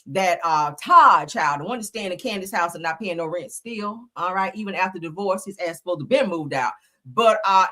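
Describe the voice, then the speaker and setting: A woman's voice: medium pitch, pushed and bright. A woman hosting a casual live-stream gossip commentary, talking in a dramatic, profane, chatty way.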